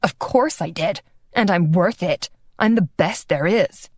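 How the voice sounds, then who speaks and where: A woman's voice: on the low side, animated, a little slow, no room sound, clean studio sound. A woman narrator voicing a petulant, vain young male dancer with a whiny, squealing delivery.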